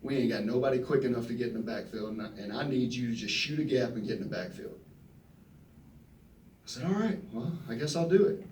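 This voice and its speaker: A man, telling folksy, animated stories at a press conference and acting out the quotes. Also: medium pitch, brisk, a little hiss or hum. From Texas. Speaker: retiring football player at press conference. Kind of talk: storytelling speech. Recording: roomy echo from a distant mic.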